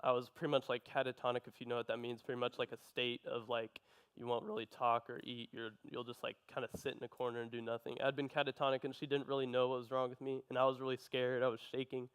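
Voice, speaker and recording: A young man giving an earnest personal testimony, telling his story in a halting way. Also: mid-range voice, level tone, fairly bright tone, smooth. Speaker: testimony speaker.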